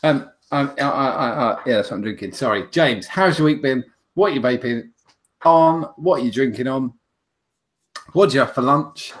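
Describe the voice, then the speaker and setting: A man's voice: medium pitch, moderate pace. A man hosting a casual livestream chat, rambling and self-mocking, with lots of restarts. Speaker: host.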